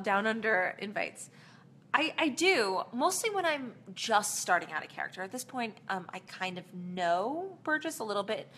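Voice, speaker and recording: An actress casually answering fan questions in a live Q&A, chatty and rambling, with plenty of fillers and small laughs. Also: female voice, mid-range voice, a bit bright, a little hiss or hum.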